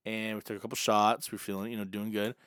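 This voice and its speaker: A young man co-hosting a podcast, telling an animated story and acting out the dialogue in casual chat. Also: on the low side, fast, clean tone, no room sound, clean studio sound. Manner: animated, acts out quoted dialogue. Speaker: podcast co-host.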